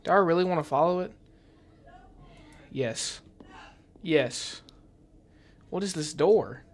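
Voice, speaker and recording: A player talks through a horror game, reading each line aloud in a hushed, uneasy voice. The pitch sits in the middle range and the delivery stays tense and quiet. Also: lively intonation, slow. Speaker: gameplay commentator. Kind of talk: reading game dialogue aloud while playing.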